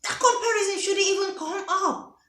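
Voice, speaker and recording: A woman's voice: very high voice, moderate pace, fairly bright tone. A woman giving relationship advice to camera in a casual, emphatic way, often repeating her phrases. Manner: emphatic, repeats phrases, acts out quoted dialogue. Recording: echoey room.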